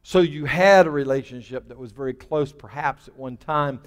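A man preaching in a church with a fairly high voice that carries a long reverb through the room. He pushes his points out in emphatic bursts, then drops almost to a hush. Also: moderate pace, smooth. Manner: emphatic, with rising bursts and dropping to a near hush. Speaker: pastor. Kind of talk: sermon.

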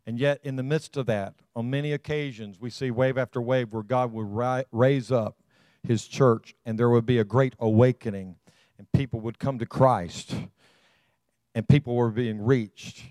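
A man's voice: medium pitch, steady tone, moderate pace, darkish tone, dry recording. A man preaching to his congregation, emphatic and rousing, calling out to them again and again. His voice is recorded close and dry, with almost no room sound. He repeats words as he builds each point. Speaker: pastor. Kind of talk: sermon.

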